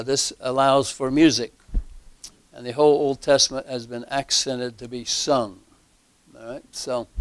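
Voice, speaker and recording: Male Bible teacher, very slow halting delivery, smooth clear voice, dry close sound. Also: mid-range voice, no echo. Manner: slow, halting, many fillers and restarts; emphatic repetition.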